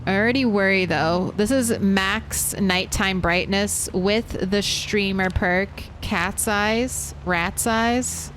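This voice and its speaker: A woman's voice: medium pitch, slow, hardly any pauses, fairly bright tone, a little hiss or hum. A woman streaming a survival game, chatting casually and answering her chat as she plays. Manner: chatty, reads and answers chat while playing.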